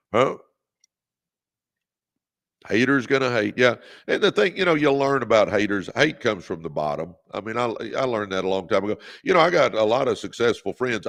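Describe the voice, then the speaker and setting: Gravelly man preaching success. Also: lowish voice, a bit bright. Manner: preachy, exhorting, leads call-and-response; reads out viewer comments. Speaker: host. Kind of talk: motivational livestream talk. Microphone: phone or webcam on a livestream.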